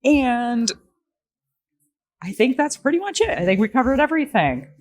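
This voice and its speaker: A woman's voice: a little high, big pitch swings, normal speed, no echo. A woman hosting an interview podcast, upbeat and chatty as she reels off web links in casual conversation. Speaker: podcast host.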